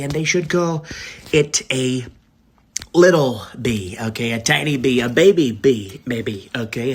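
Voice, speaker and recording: A man's voice: mid-range voice, natural voice. A man voicing a boastful preschool-aged Donald Trump who rambles and keeps tagging "okay?" and "quite frankly" onto his lines. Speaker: comedian. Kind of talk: comedy impression sketch.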